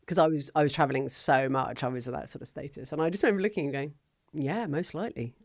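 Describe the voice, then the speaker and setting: A middle-aged woman, telling her story as a guest in a casual interview in an animated, chatty way. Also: very deep voice, rapid-fire, no room sound, studio quality. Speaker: guest, business founder.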